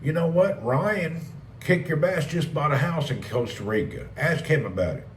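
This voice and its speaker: With a slightly high, animated voice at a moderate pace, a man runs a casual live stream, joking, rambling, and answering messages from chat. The recording sounds roomy and distant, with faint ambience and slight background noise.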